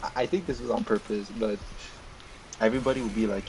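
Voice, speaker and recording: A young man chatting on a game stream, telling stories in an excitable, rambling way full of fillers. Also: on the low side, fast, creaky. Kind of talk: casual chat during a game stream. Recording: noisy home stream audio.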